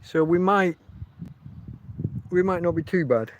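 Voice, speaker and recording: A man's voice: sits high, measured pace, slight background noise. A man, chatting casually and rambling on a livestream from outdoors. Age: 50s. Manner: rambling, chatty, often restarts his sentences. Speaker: livestream host.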